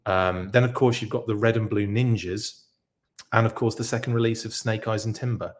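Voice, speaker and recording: A man's voice: lowish voice, fairly even intonation, moderate pace. A man hosting a live podcast stream, chatting casually and reading out viewer comments in a rambling, self-interrupting way. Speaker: podcast host reacting live.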